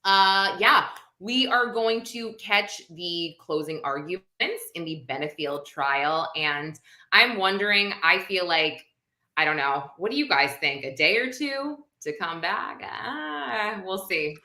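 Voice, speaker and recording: Speaking slowly in a fairly low, bright voice, this American woman is hosting a casual live-stream chat. Her delivery is expressive and forceful, rambling along with plenty of fillers in an echoey room.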